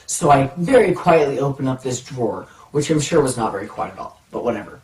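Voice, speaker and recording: A man telling a childhood story in an animated, playful way, dragging out pauses for suspense. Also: mid-range voice. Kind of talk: personal anecdote storytelling. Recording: roomy, from a distance.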